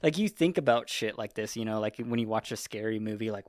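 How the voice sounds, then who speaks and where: A man talks casually as a podcast co-host, piling on fillers and curse words as he rambles through a story. His voice sits at an everyday middle pitch. The sound is close and dry, with no room around it. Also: animated, a little fast, no echo. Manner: rambling, profane, heavy use of "like". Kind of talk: casual chat.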